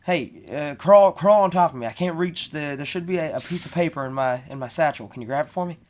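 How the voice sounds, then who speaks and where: A man's voice: fairly high pitch, fast talker, lightly acted. Casual: gm voicing a grumpy impatient guy in a tabletop game, curt and muttery, plain voice. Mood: muttering. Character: gruff impatient man, travelling companion. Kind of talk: tabletop game role-play.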